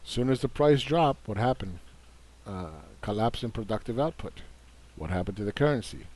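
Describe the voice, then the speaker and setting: A man's voice: on the low side, lively intonation, moderate pace, a little mellow. A man giving a combative, casual market commentary, dismissing opposing views and repeating words for emphasis. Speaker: investing commentator.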